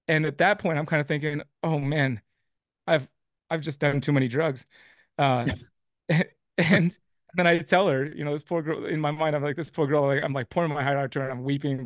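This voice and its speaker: A man's voice: a little high, dry recording, clean studio sound. A man telling a personal faith testimony as a guest, rambling along with restarts and acting out what people said. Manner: rambling, with many restarts and quoted dialogue.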